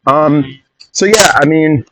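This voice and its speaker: A man hosting a podcast in a casual rambling monologue, opinionated and quick to jump off on tangents and interrupt himself. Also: a little high, noisy background. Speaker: podcast host.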